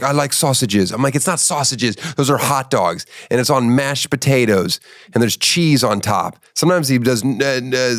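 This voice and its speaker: A middle-aged man hosting a casual comedic interview, teasing his guest with deadpan banter. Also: mid-range voice, no echo, clean studio sound. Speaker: podcast host.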